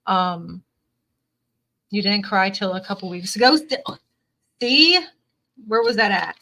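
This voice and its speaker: A woman's voice: medium pitch, animated, slow pace, long pauses, pushed and bright. A woman reading tarot on a live stream, who repeats her phrases and reads viewers' comments aloud. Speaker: tarot reader.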